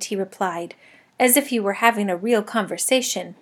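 A woman narrating a children's story in the first person with a lively, expressive reading. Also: medium pitch, moderate pace, husky. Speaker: audiobook narrator.

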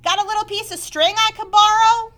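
A woman reading aloud and voicing a young male pig who is eager, naive and boastful, with an excited, raised delivery. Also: very high voice, brisk, pitched above the performer's own voice.

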